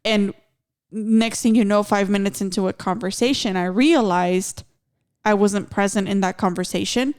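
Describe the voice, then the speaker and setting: A woman with a smooth, clear voice co-hosts a casual podcast. She talks in an earnest, reflective way, now and then dropping in a Spanish phrase. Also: mid-range voice, normal speed, a little mellow. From Mexican-American. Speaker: podcast co-host.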